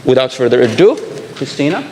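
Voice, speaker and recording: A man's voice: medium pitch, very animated, fairly quick, very noisy. A man formally reading a speaker introduction from notes, stumbling now and then over a word. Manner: formal, reads from notes with slips. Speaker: event moderator. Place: lecture hall. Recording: reverberant lecture hall.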